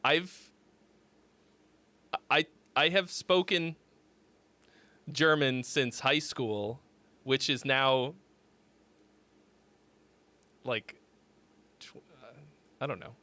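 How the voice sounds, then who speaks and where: A man's voice: mid-range voice, very slow, pauses often, sharp tone. A man in his forties hosting a song critique livestream, chatting casually in a rambling, profane way that breaks off and restarts. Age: 40s. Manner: rambling, profane, self-interrupting.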